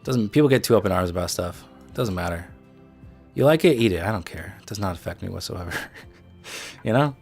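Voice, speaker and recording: A young man with a Chicago accent talks in a low voice, rambling casually to viewers as a livestream host. He speaks bluntly and fills gaps with "like" and "um". Faint music plays behind him. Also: expressive, fairly quick, gravelly, pauses often, a little mellow. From Midwest United States. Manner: loose and chatty, full of fillers and blunt asides.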